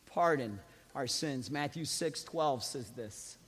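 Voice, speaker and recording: A man preaching a sermon as a pastor, calling on the congregation to repeat after him and swinging from quiet asides to shouted emphasis. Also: medium pitch, expressive, slow pace, breathy edge. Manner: preaching with call-and-response to the congregation. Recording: long reverb of a large hall.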